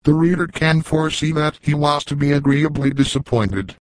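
A man narrating an audiobook in a steady, measured reading, in a dry, close sound. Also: on the high side, no echo, low-quality recording.

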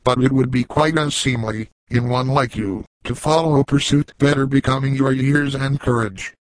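A man voicing an old frontier trapper, grave and kindly, who speaks in slow, measured, formal old-fashioned sentences. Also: medium pitch, steady tone, dry recording, natural voice, poor audio. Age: older.

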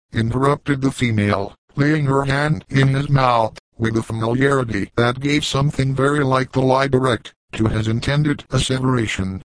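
A man's voice: medium pitch, steady tone, moderate pace, few pauses, no room sound, rough recording. Man narrating a classic novel, dry. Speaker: audiobook reader. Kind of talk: scripted narration.

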